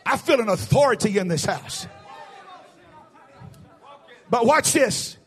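A male pastor preaching a fervent sermon to a live congregation, building to shouted exhortations. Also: very high-pitched, expressive, slow, some chatter behind. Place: church service before a congregation.

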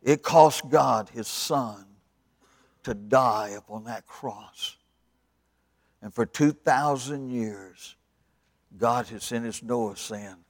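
A man preaching at a revival, telling the story dramatically and swinging from loud to hushed. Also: medium pitch, slow, pauses often, dry recording. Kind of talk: sermon.

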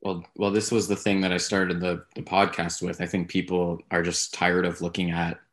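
A man co-hosting a podcast, talking through his views in a casual, rambling, measured way. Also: low-pitched, flat delivery. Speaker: podcast co-host. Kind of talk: casual sports talk.

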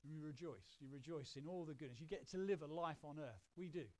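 A man's voice: fairly high pitch, quick pace. A middle-aged man from England, preaching a conversational sermon and acting out quoted voices. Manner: conversational, animated, acts out little quoted voices. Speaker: pastor.

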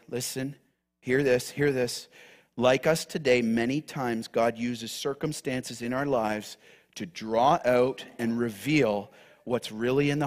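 A man preaching a sermon, emphatic and direct with the congregation, repeating key phrases. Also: medium pitch. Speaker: pastor.

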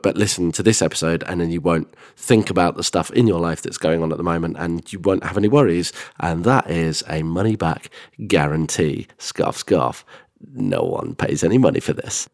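A man recording a rambling, silly introduction to a podcast episode, talking warmly to listeners. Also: deep voice, dry recording, studio quality. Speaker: podcast host.

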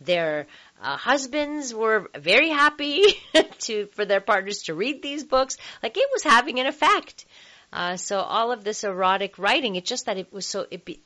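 A woman's voice: fairly high pitch, animated, moderate pace, bright, forceful tone, highs cut off. A woman hosting a radio talk show about sex, chatting casually with lots of fillers and easy laughter.

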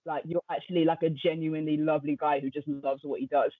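A young woman DJ telling stories in a casual interview, animated and quick to act out what others said. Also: dry recording. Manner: animated, acts out quotes with sudden jumps in pitch. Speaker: DJ and radio presenter, guest. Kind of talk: casual storytelling chat. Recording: tinny phone-like remote line, dry.

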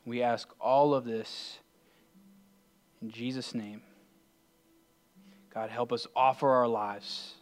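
A man's voice: mid-range voice, steady tone, slow, long pauses, soft background music. A man, a pastor, closing his sermon and leading an earnest prayer.

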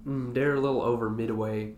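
A congested young man talks sports on a casual podcast, his nose audibly stuffed up. He rambles, stops to correct himself and slips in jokes. His pitch stays in an ordinary middle range. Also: fairly even intonation, brisk, darkish tone, slight background noise. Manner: joking, rambling, self-correcting. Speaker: podcast co-host, sports reporter.

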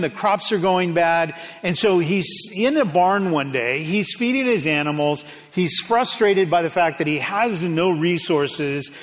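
A male preacher with a notably high voice who talks in a relaxed, self-deprecating and chatty way. His sermon rings with a long reverb from a large hall. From United States. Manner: conversational, self-deprecating storytelling. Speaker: pastor. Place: church sanctuary.

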